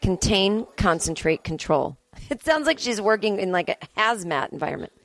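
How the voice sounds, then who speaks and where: A woman's voice: medium pitch, animated, normal speed, dry recording. A woman giving casual, playful commentary on a movie at home, chatty and full of gushing exclamations. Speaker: vlogger. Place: family home indoors.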